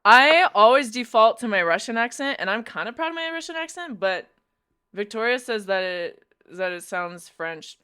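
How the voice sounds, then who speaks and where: A young woman streaming, chatting casually in quick, giggly bursts. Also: a little high, very animated, bright, forceful tone, clean tone, no room sound. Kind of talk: casual live-stream chat.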